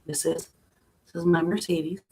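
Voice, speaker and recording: A woman talking casually on a home live stream about a painful loss, emotional and soft-spoken, laughing through sadness at times. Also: lowish voice, fairly even intonation, normal speed. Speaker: vlogger.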